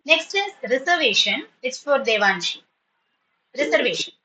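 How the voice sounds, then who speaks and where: A woman teacher with a bright, ringing tone pitched a little high. She is patient and encouraging, with frequent words of praise, and slips into when she explains something to her students. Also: big pitch swings, normal speed, slight background noise, low-quality recording. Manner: switches into Tamil when explaining. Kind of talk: online spoken English class.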